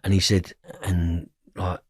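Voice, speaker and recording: A man's voice: low-pitched, little pitch movement, slow pace, a little mellow, slightly rough, no echo, clean studio sound. A man with a London accent, a guest telling a raw personal story in an interview, blunt and swearing freely. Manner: blunt, swears, acts out dialogue.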